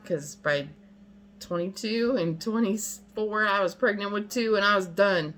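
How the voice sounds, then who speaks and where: A woman's voice: mid-range voice, unhurried, fairly bright tone, slight background noise, rough recording. Blunt ranting woman in her fifties. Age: 50s. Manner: blunt, exasperated, emphatic. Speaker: vlogger. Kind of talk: casual rant to camera.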